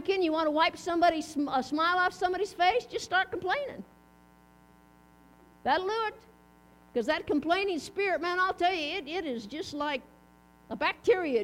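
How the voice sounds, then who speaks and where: A middle-aged woman giving a chatty, folksy sermon, asking her listeners questions. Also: high-pitched. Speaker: preacher. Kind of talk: casual sermon. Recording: mains hum underneath.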